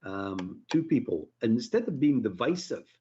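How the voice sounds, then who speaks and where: A man who learned the Queen's English talks as a firearms instructor on a live podcast, chatty and rambling with easy laughs. His voice is husky and the stream audio sounds dull. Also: mid-range voice, very animated, normal speed, dark tone. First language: British English. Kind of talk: casual live podcast chat.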